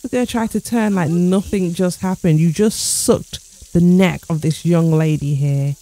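A woman's voice: on the low side, measured pace, warm tone. A woman giving amused, chatty commentary over her game as channel host. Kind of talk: gameplay commentary.

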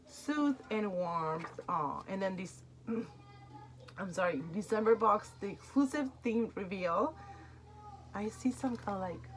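In poor audio with a little hiss or hum, a woman with a medium-pitched voice and non-native English accent hosts an unboxing vlog. She talks chattily and gushes, getting moved without much prompting.

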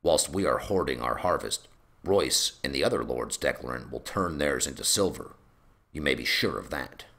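A man doing a booming blustering lord. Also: expressive, moderate pace, gravelly, full character voice. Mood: complaining. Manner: loud and complaining.

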